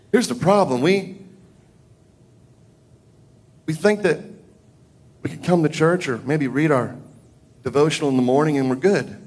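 A male pastor preaches, building his argument with a voice that surges and sinks in both pitch and volume.

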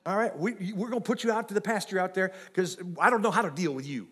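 Folksy preacher man, animated sermon. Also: sits high, fast. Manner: folksy and animated, talks straight to the congregation. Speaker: pastor.

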